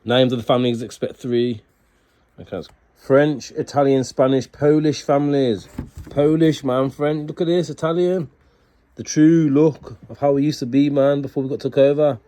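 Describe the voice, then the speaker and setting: A man reading aloud from books and commenting excitedly, ending almost every phrase with "man". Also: mid-range voice, normal speed. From Scotland. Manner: excitable, peppers sentences with "man". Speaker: book reviewer. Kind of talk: casual video talk reading from books.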